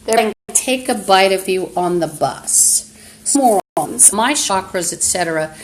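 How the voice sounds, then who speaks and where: A woman's voice: mid-range voice, lively intonation, unhurried, echoey room, a little hiss or hum, rough recording. A woman on a phone live stream, talking in an agitated, rambling monologue full of profanity. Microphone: phone streaming app.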